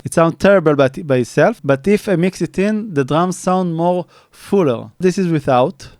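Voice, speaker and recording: A man's voice: fairly high pitch, moderate pace, music in the background. A man, a mixing engineer, walking through a studio tutorial step by step in a plain manner, often restarting and using fillers. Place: recording studio. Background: faint drum playback.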